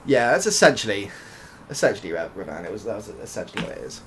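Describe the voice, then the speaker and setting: A man's voice: fairly low pitch, very animated, fast talker, a bit bright, a little hiss or hum. A young British man casually chatting and rambling through a story while playing a game, swearing now and then. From United Kingdom. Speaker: ASMR gaming streamer. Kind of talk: soft-spoken gameplay chat.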